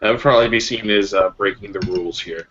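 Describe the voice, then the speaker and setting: A man's voice: on the low side, quick pace, a bit bright, a little hiss or hum. A man running a tabletop game as game master, chatty and joking with fillers, over slightly muffled voice chat.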